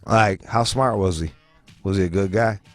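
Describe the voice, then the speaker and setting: A man's voice: low voice, normal speed, faint music behind. Profane ranting man telling a story. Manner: animated storytelling, acts out quoted voices, swears heavily. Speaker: host. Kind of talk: profane comedic rant.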